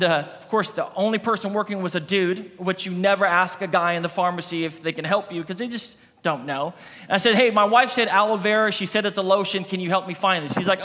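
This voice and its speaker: A man's voice: sits high, sharp tone. A man in his thirties, a campus pastor, preaching a sermon and telling a funny personal story, acting out the dialogue. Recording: long hall reverb.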